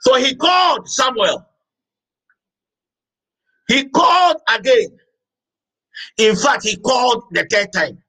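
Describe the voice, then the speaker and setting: A man preaching a sermon as pastor, emphatic, repeating phrases and shouting out words now and then. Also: extremely high pitch, lively intonation, slow pace, long pauses, poor audio.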